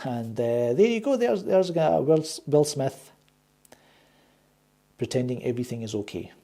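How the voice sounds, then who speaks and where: A man's voice: medium pitch, animated, unhurried, mellow. A man hosting his own movie review channel, ranting with sarcasm and frequent swearing. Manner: sarcastic, swears a lot, exasperated.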